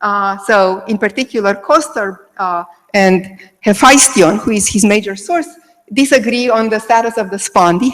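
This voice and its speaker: With a medium-pitched voice, a woman lectures academically on Greek meter to a remote audience, moving step by step and checking in often with "okay." The audio quality is poor. It has a big-room sound.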